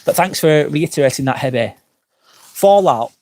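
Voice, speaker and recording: A man's voice: a little high, lively intonation, unhurried, a little mellow, a little hiss or hum. A man in his forties, tipsy and slurring, chatting frankly on a live stream and answering comments outdoors at night, swearing often as he rambles. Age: 40s. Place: outdoors at night by a campsite fire pit.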